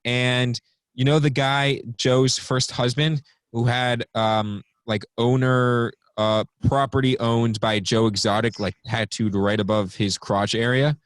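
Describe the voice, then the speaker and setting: A man's voice: mid-range voice, steady tone, a little slow, no echo. A young man co-hosting a casual podcast, rambling through his notes with lots of ums. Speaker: podcast co-host.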